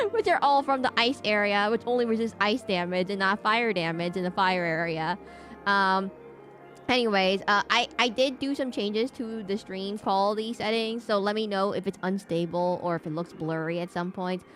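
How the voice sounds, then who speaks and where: A woman's voice: mid-range voice, moderate pace. A woman streaming a video game, chatting casually and ranting in a playful, overdramatic way, with faint game music under her voice. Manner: animated, playfully overdramatic rants. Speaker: VTuber streamer.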